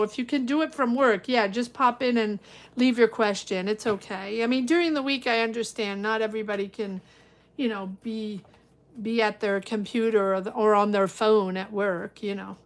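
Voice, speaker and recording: A woman's voice: fairly high pitch, fairly bright tone. A woman giving a live-stream tarot reading, chatty and reassuring, thinking aloud with lots of fillers. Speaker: tarot reader.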